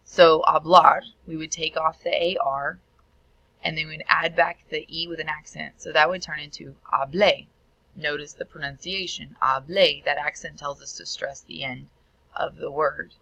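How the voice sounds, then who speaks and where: Gravelly, bright-voiced woman teaching Spanish. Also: deep voice, fairly even intonation, normal speed, no echo, rough recording. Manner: clear instructional delivery, sounding out Spanish words. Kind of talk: recorded video tutorial.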